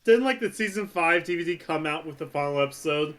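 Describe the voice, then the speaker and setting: Excitable man pitching fan theories. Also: a little fast. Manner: excitable, stumbling restarts and laughs. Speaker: podcast co-host. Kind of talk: casual chat.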